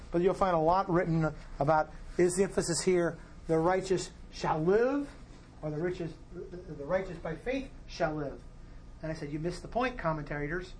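A man leading a Bible study, explaining verses in a relaxed teaching way and posing rhetorical questions to his class. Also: high-pitched, slight background noise.

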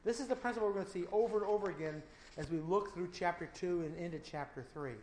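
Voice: mid-range voice, quick pace, darkish tone, a little hiss or hum. Emphatic preacher in an echoey room. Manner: emphatic, with strings of rhetorical questions. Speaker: Bible teacher. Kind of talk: verse-by-verse sermon.

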